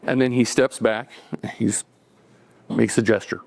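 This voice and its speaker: A man's voice: mid-range voice, fairly even intonation, unhurried, gravelly, darkish tone. Man telling a story live, conversational. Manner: conversational, acting out dialogue, chuckling between lines. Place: cafe event stage.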